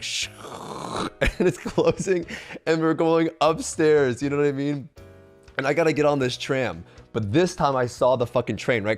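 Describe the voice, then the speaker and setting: A young man streams a rambling, profane story to his chat. He jumps into squeaky impressions of the people he met. Faint music plays under his voice. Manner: animated, profane, high-pitched mimicry of others. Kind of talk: casual storytelling.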